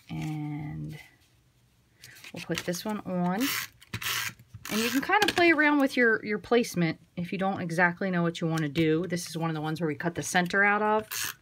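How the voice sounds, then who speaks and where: Chatty woman with a lowish voice. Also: slight background noise. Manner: chatty, relaxed, thinks aloud while working. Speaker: card-making instructor. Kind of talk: casual craft tutorial.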